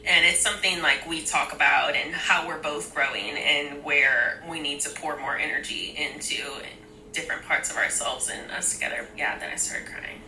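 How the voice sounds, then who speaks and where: A woman's voice: sits low, fairly even intonation, normal speed, pushed and bright, roomy sound, a little hiss or hum, low-quality recording. A woman speaking in a confessional interview, emotional, hesitant and reflective. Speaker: reality show participant.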